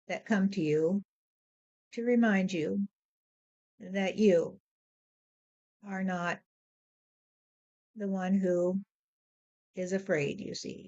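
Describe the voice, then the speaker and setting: A woman speaking as a spiritual medium in a slow, measured way, often repeating "you see.". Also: medium pitch, a little mellow, lo-fi sound. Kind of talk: spoken spiritual monologue. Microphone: handheld voice recorder.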